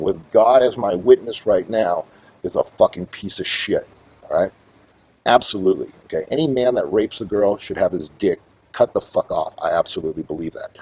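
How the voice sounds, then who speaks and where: A middle-aged man spins a rambling, swear-heavy story, his low voice swooping up and down as he gets worked up. The tone is dark and husky. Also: low-quality recording. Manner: profane, rambling, animated storyteller. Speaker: host. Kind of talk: casual storytelling monologue.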